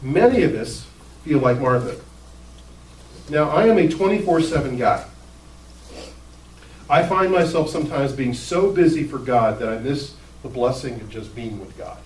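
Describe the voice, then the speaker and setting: A man's voice: mid-range voice, moderate pace, long pauses, a little hiss or hum. A male pastor preaching in a casual, conversational way, acting out the people in his story. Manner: casual, conversational, animated with acted-out quotes. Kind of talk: sermon. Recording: roomy hall, distant mic, faint ambience.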